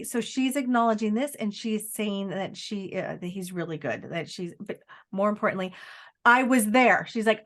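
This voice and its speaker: A woman working as a psychic medium, giving a live spirit reading in a halting, searching way with many fillers, often quoting the spirit. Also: mid-range voice. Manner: relays messages by quoting the spirit in first person.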